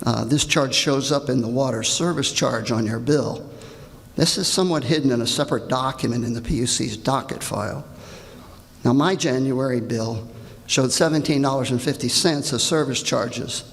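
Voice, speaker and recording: An older man speaks at a public hearing, reading his prepared comment in a pointed, indignant tone. His voice is gravelly and sits at a middling pitch. The sound carries the long echo of a large hall. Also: moderate pace, a bit bright. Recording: reverberant hall.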